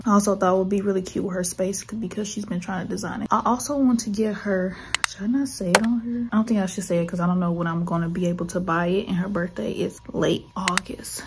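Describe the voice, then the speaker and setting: A woman who runs a small online art shop chats casually in a vlog from her home office, sounding out of breath. Her medium-pitched voice rambles and often corrects itself, with slight background noise.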